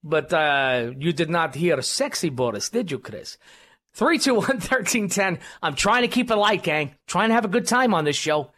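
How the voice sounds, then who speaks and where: A man's voice: fairly high pitch, expressive, moderate pace, hardly any pauses, fairly bright tone. A man hosting a political talk radio show, rambling with many fillers and restarts. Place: radio studio.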